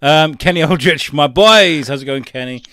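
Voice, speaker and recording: A man's voice: a little high, normal speed, sharp tone. A man co-hosting a casual chat who sounds cheery and reads out listener messages. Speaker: podcast co-host.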